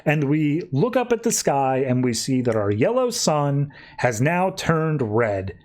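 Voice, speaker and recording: A man hosting a podcast, giving a casual, animated recap of a comic book and acting out the characters in quick voices. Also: a little high. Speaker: podcast host.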